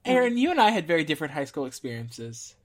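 A woman's voice: deep voice, sing-song. A woman co-hosting a casual talk show, with wry, teasing reactions and frequent joking. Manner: wry, teasing, quick to laugh. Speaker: podcast co-host. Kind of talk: casual chat.

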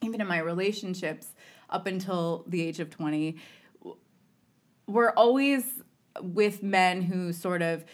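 A woman's voice: fairly low pitch, a little slow, long pauses. A woman on a podcast telling a long, casual story, acting out what people said in changing voices and laughing often. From Los Angeles area. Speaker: podcast guest.

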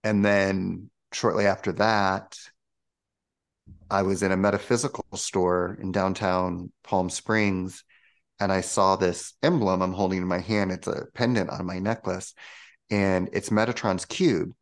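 A man being interviewed as a spiritual coach, telling a personal story in a casual, animated way and acting out the voices he quotes. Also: deep voice, measured pace. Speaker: guest, spiritual coach and channel.

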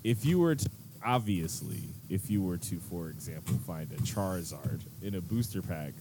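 A man with a very low voice chats casually on a podcast, wandering through his thoughts with plenty of fillers. Steady noise sits clearly behind his voice on the recording. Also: normal speed. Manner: laid-back, rambling with many fillers. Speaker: podcast host.

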